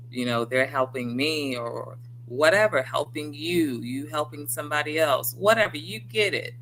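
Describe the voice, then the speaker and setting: Bright-voiced woman giving encouraging talk. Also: very deep voice, slight background noise, rough recording. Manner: earnest, encouraging, talks straight to viewers; acts out quoted inner voices. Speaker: livestream host. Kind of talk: motivational livestream talk.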